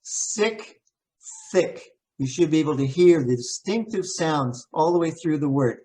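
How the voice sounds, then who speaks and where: Guy running a pronunciation workshop, slightly high voice, drills words slow and careful. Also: mellow. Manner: demonstrates word pairs slowly, repeating sounds. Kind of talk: workshop teaching.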